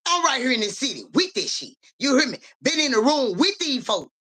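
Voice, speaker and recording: A woman with a high, very animated, brisk and somewhat bright voice livestreams as a psychic reader. She talks in profane street slang, calls viewers by name, and keeps asking "you hear me," coughing and clearing her throat now and then in this casual stream.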